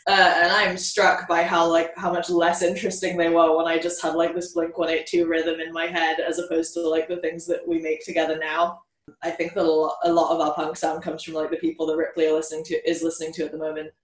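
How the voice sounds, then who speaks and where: A songwriter from a band chats loosely about how the group writes, with "like" dropped into nearly every phrase. The voice sits a bit away from the mic, and the room is bright and echoey. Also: medium pitch, completely flat delivery, fast talker, distant mic. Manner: loose, filler-heavy talk with many "like"s. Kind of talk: casual interview chat.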